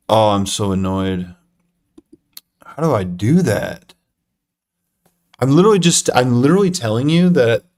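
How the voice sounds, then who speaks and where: A man's voice: medium pitch, darkish tone. A young man live-streaming a chess game, talking to himself and chat with lots of fillers and self-deprecating groans.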